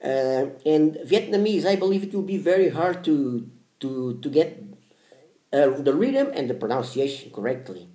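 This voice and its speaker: A man with a slightly high, mellow voice talks casually to the camera. He speaks hesitantly, repeating phrases and restarting as he goes. The recording sounds echoey, like a bare room. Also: expressive, moderate pace. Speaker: language-learning vlogger.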